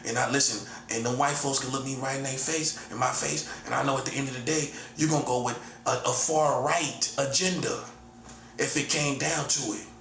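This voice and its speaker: A man's voice: medium pitch, steady tone, normal speed, vocal fry, fairly bright tone. A man in his forties giving a confrontational monologue, repeating himself and calling the listener "buddy". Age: 40s. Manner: repetitive, combative, keeps calling the listener "buddy". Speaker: self-styled prophet giving a monologue. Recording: roomy echo, faint background ambience.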